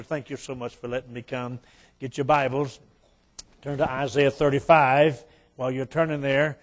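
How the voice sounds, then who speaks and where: Folksy Appalachian preacher man. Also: fairly high pitch. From West Virginia. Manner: folksy, joking, rising to fervent exhortation. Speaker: guest preacher. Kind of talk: folksy sermon with jokes.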